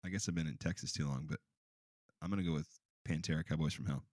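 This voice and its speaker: A man's voice: extremely low pitch, fast, a little mellow, dry recording, studio quality. A man hosting a podcast in casual, joking chat, swearing freely. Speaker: podcast host.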